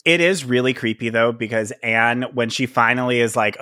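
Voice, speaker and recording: A man co-hosting a podcast who chimes in with wry, joking remarks about a film. His voice sits at a middle pitch and sounds dry and close, with little room around it. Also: moderate pace, sharp tone, no room sound. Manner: wry, chiming in with quips and laughs. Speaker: podcast co-host. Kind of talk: casual chat about a film.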